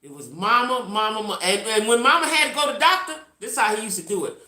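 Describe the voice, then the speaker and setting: A woman's voice: fairly high pitch, animated, fast, bright, forceful tone, echoey room. A woman around sixty telling a blunt, salty story to her viewers, repeating lines for emphasis and reacting to live chat. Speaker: vlogger.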